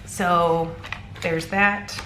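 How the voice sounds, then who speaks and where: A woman's voice: fairly low pitch, flat delivery, drawn-out words, reverberant, noisy background. Congested woman chatting through her budget. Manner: chatty, frequent ums, counting bills aloud. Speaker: cash budgeting vlogger. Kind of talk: casual chat.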